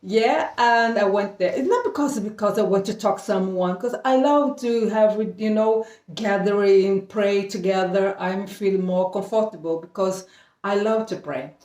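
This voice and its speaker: A middle-aged Brazilian woman whose first language is Portuguese, telling a casual story in halting English, restarting often and laughing between phrases. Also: medium pitch, a little mellow, distant mic. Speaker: vlogger. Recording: echoey room, voice a bit off-mic.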